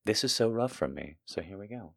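Animated man on a comedy podcast. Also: fairly low pitch, a little fast, husky. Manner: rambling, self-deprecating, crude jokes. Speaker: podcast host. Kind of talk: casual comedic monologue.

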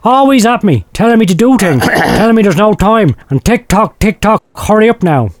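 A man's voice: sits high, big pitch swings, moderate pace. An actor playing an erratic, foul-mouthed man who hears voices, rambling and swearing in a comic audio drama. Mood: agitated.

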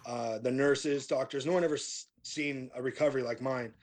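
A man's voice: mid-range voice, steady tone, normal speed. A middle-aged man, a metal band vocalist, telling his story in a casual interview, laid-back and rambling with lots of fillers and restarts.

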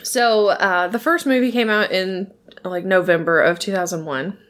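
A woman's voice: mid-range voice, moderate pace, a bit bright. A woman co-hosting a casual podcast chat, rambling, often correcting herself and laughing. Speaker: podcast co-host.

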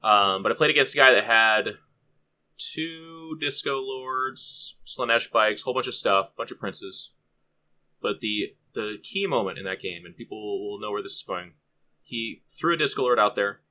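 Bright-voiced man telling a game story. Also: on the low side. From California. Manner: lively storyteller, acts out quotes. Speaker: podcast co-host. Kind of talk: animated anecdote telling.

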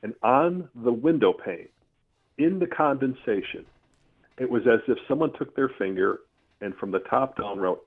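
A man's voice: mid-range voice, normal speed. Man telling a story over a phone line. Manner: earthy, animated, with mild swearing. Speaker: storyteller guest. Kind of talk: casual spoken storytelling. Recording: tinny phone-line sound.

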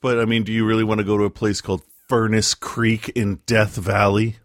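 A man's voice: fairly low pitch, flat delivery, brisk, no echo. A man in a casual call, asking questions and joking with dry teasing. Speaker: friend on the call. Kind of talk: casual chat.

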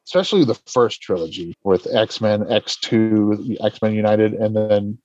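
A man's voice: fairly low pitch, measured pace, a little mellow, no echo, lo-fi sound. A man co-hosting a casual podcast chat, rambling and restarting mid-sentence. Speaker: podcast co-host.

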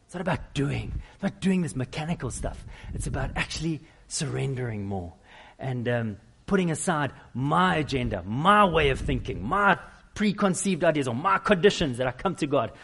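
A middle-aged man preaching a sermon, with animated, self-deprecating storytelling. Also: fairly high pitch, normal speed, creaky, a little hiss or hum. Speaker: pastor.

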